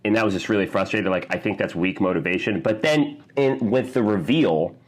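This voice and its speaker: Man, low-pitched, casual podcast chat, animated, acts out quotes. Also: a little fast. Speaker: podcast co-host.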